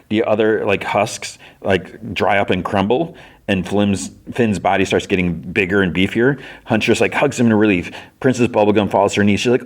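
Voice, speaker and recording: Man casually recapping scenes, lowish voice. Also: fairly even intonation, normal speed. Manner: retells scenes loosely, briefly acting out lines in raised voices. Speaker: podcast host.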